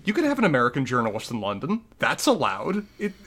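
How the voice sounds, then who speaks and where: A man's voice: mid-range voice, huge pitch swings, fast, fairly bright tone. A man co-hosting a casual podcast recap, joking in a sardonic, exaggerating way. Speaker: podcast co-host.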